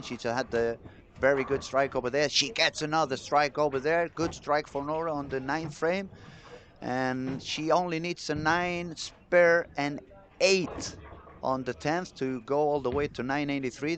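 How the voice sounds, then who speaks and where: Man, live bowling commentary, excitable, chatty, talks to viewers, mid-pitched voice. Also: a little hiss or hum.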